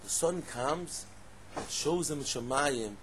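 A man giving a lively Torah class, asking rhetorical questions and breaking into loud exclamations. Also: mid-range voice, measured pace, a little hiss or hum. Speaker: Torah teacher.

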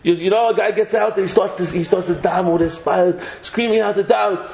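A man giving a lively Torah lecture, joking and mixing Hebrew terms into English. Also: high voice, a little fast, vocal fry, hardly any pauses. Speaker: rabbi giving a Torah class. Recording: echoey room, slightly dull sound, faint noise.

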